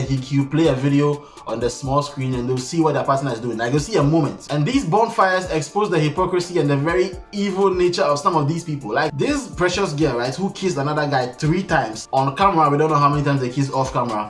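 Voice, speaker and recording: A man with a slightly high voice gives comedic commentary, mocking and exclaiming as he goes. He sounds like he is in an echoey room, with faint music underneath. His talk jumps between deadpan remarks and loud disbelief. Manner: mocking, exclaiming, mimics crying. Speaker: vlogger reacting to a reality show.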